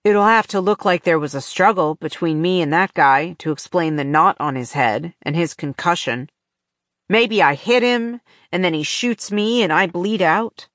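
A woman reading an audiobook, voicing a calm, protective male former agent in a steady, matter-of-fact way. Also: on the low side, normal speed, no room sound, studio quality, natural voice.

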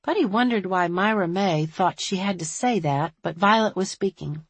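A woman reading a novel aloud as narrator, with a husky voice. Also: lowish voice, moderate pace, hardly any pauses, no echo. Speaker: audiobook narrator. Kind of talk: scripted narration.

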